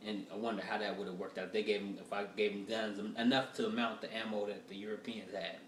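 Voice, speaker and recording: A man's voice: fairly low pitch, level tone, quick pace. American guy running thru his standup jokes, swears a lot, rambles, echoey room, mic far off, faint background hum. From United States. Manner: loose, profane, rambling storytelling. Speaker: stand-up comedian. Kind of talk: casual stand-up rehearsal. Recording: roomy echo from far off.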